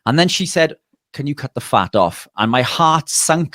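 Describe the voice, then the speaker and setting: A man, a nutritionist and bodybuilder, telling a lively anecdote in a casual interview, often restarting his sentences. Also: a little high, moderate pace, no room sound, clean studio sound.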